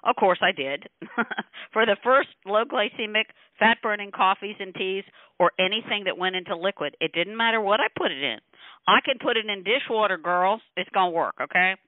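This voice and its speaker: A woman scientist talks over a tinny phone line, animated and laughing often as she tells her story. She acts out the other people in it with quick quoted lines. The sound is dry and close, with no room around it. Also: mid-range voice, no room sound. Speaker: scientist guest. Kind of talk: phone call interview. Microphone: telephone.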